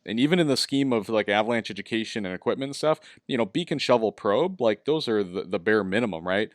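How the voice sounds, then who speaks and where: A man's voice: on the low side, lively intonation, fast talker, no echo, studio quality. A middle-aged man hosting a casual interview, talking in an easygoing coaching way, often asking "right?". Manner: easygoing, coaching tone with lots of "you know" and "right?". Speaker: host.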